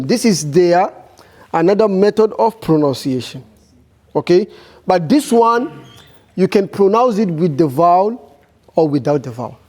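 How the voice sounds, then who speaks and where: A man teaching a beginners' class, talking slowly and firing repeated questions at his students. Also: sits high, a little mellow. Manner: slow, repetitive, questioning students. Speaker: Arabic teacher.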